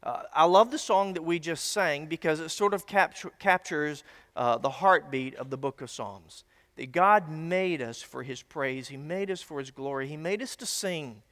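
A man's voice: a little high, normal speed, a bit bright. A man preaching a teaching sermon to a congregation in a conversational, folksy way with little asides. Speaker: pastor. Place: church sanctuary. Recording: long hall reverb.

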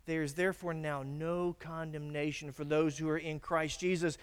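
Pastor guy preaching, slightly high voice, big echoey church sound, gets loud then drops low. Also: little pitch movement, normal speed, few pauses, clear, resonant tone. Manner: emphatic preaching, swings from loud declarations to hushed warnings. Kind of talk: sermon. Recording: long reverb of a church hall.

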